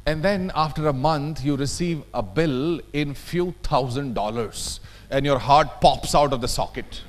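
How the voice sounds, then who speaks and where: A little high and a little slow, the voice belongs to a workshop trainer with an Indian English accent. He runs a lecture workshop in a conference hall, speaking with emphasis and often checking in with his audience.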